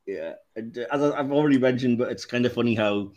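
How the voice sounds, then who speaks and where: A man's voice: medium pitch, fast talker. A man hosting a podcast, chatting casually about a film and retelling scenes with lots of laughter. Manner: animated, retells scenes in quoted voices, laughs often. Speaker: podcast host. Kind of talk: casual film review chat.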